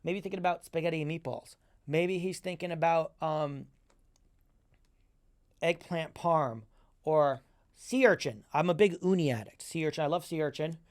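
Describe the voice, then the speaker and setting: A man chatting as a podcast guest, excitable and quick, repeating himself as he talks. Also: a little high, no echo, clean studio sound. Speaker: guest, magician and entertainer. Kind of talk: animated podcast chat.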